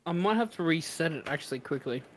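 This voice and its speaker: Chatty streamer man, fairly high voice. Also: expressive, fast. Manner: chatty, exasperated, laughing at tech troubles. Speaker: streamer host. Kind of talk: casual chat while fixing stream commands.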